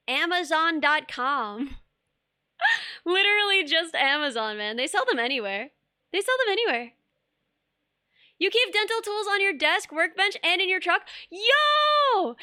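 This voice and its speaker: Bright, high-pitched bubbly woman streamer. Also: no echo, studio quality. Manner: bubbly, rambling, laughs often, reads chat aloud. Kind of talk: casual chat while sculpting.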